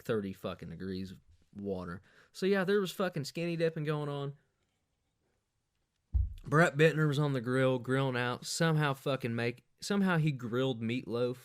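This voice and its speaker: A man hosting a podcast, telling a profane, rambling party story in a casual monologue, jumping up in pitch when he quotes people. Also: smooth, no room sound, studio quality. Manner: crude, profane, rambling anecdotes with animated quoted voices. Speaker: podcast host.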